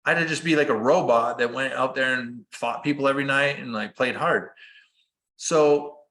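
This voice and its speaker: A man telling personal stories as a guest in a casual conversation, earnest and animated. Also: mid-range voice, moderate pace. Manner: earnest, animated, acts out quoted dialogue. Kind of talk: conversational storytelling.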